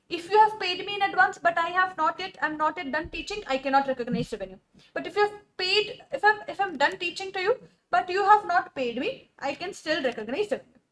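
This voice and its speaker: A young woman giving a classroom accountancy lecture, repeating key terms and quizzing her students. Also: high-pitched.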